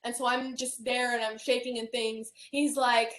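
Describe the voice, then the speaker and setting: A woman telling a painful personal story in a client intake session, often dropping to a soft near-whisper. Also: fairly high pitch, little pitch movement, normal speed. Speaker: hypnosis client. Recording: roomy echo.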